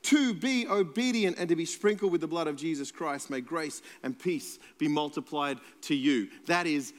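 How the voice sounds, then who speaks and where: A man preaching a sermon as pastor, conversational with playful asides and emphatic repetition. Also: high-pitched. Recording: long hall reverb.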